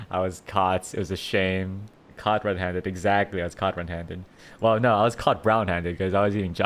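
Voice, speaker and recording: This livestreamer's voice is lowish but a bit bright. He chats in a casual, rambling way full of restarts, giggling often and rawring playfully at donors to thank them.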